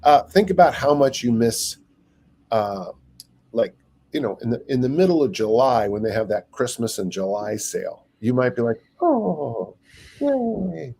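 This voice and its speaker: An older man who works as a strength coach rambles through stories on a casual podcast, acting out little quotes along the way. His voice is medium-pitched with a darkish tone, at normal speed.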